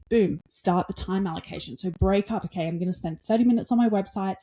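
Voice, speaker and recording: An energetic woman hosts her own podcast, talking straight to her listeners with a mellow, warm tone. She is blunt and swears freely, and acts out little back-and-forth dialogues in her own voice. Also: mid-range voice, fairly quick. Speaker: podcast host. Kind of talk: casual motivational talk.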